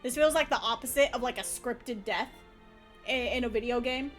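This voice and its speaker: High pitched woman streamer, laughs a lot, yells at the game, faint music behind. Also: normal speed. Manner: excitable, laughs often, loud playful outbursts. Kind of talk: casual livestream gameplay commentary.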